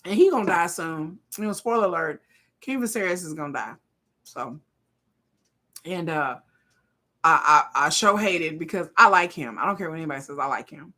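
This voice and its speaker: A woman, hosting a live watch party with blunt, profane, animated casual commentary. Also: deep voice, moderate pace. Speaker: live-stream host.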